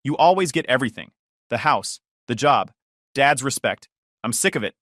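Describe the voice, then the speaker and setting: A man's voice: mid-range voice, sing-song, moderate pace, bright, forceful tone, no echo. A man voicing a smug, aggressive younger brother in a dry, close recording.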